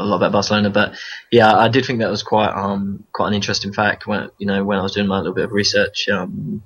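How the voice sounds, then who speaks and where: Male co-host, low flat voice, quick delivery, dull lo-fi mic. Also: slightly rough. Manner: hesitant, lots of ums and restarts. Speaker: podcast co-host. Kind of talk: casual chat.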